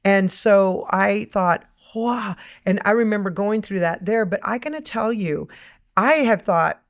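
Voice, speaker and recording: Podcast host: middle-aged woman, mid pitch, animated storyteller who acts out her own inner voice. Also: unhurried. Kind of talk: faith-based interview chat.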